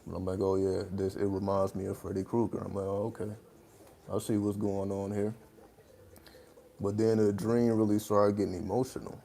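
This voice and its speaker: A man's voice: lowish voice, level tone, moderate pace, vocal fry, dark tone. A man hosting a casual livestream, talking in a loose, rambling way with lots of fillers and laughing between points. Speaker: livestream host.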